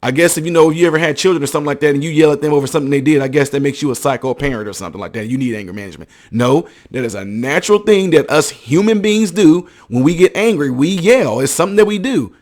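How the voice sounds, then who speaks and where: A man's voice: a little high, expressive, fast, hardly any pauses, a little mellow. A man hosting a commentary video, talking emphatically, acting out quotes and checking that listeners follow him. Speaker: ministry counselor.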